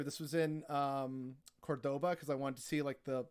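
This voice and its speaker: A man's voice: mid-range voice, level tone, moderate pace, a little mellow, clean tone. A man telling travel stories as a podcast guest, rambling casually and filling his talk with "like" and "you know". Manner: rambling, heavy on filler words like "like" and "you know".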